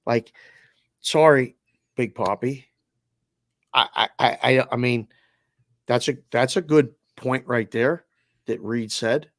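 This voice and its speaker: A man's voice: mid-range voice, slow pace, pauses often, fairly bright tone, no room sound, studio quality. A man co-hosting a sports betting show, a former bookmaker, talking in a rambling way with stammered restarts. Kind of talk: casual sports debate.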